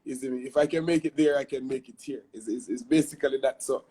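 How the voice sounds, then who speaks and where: A man's voice: medium pitch, steady tone, fast talker, mellow, slightly rough. A young adult man with a Jamaican accent, a guest chatting animatedly in an interview, often adding "you see me?". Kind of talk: casual interview chat.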